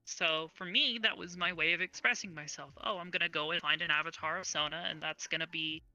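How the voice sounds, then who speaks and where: A woman's voice: sits low, steady tone, fairly quick, pushed and bright, highs cut off. A young woman speaking as an interview guest in casual chat, earnest and enthusiastic, on an online voice call.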